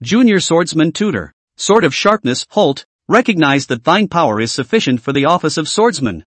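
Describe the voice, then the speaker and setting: A man's voice: on the high side, very animated, normal speed, no room sound. A synthetic male voice reading a boastful flirty swordsman mentor.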